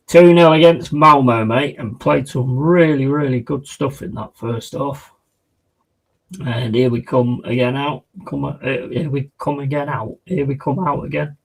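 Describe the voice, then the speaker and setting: Chatty football fan streaming. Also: male voice, medium pitch, a little slow, vocal fry, husky, low-quality recording. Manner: chatty, excitable, slangy. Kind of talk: live match watch-along chat.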